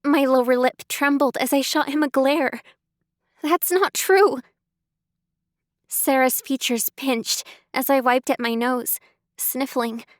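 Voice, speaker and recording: A woman narrating a first-person audiobook in a measured way, close to the mic. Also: high voice, flat delivery, no room sound.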